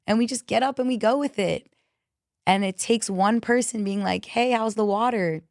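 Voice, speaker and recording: A woman's voice: medium pitch, normal speed, creaky, dry recording, clean studio sound. A woman guest on a podcast talking as a coach, a frank, swearing storyteller in casual conversation. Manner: frank, profane, animated storyteller.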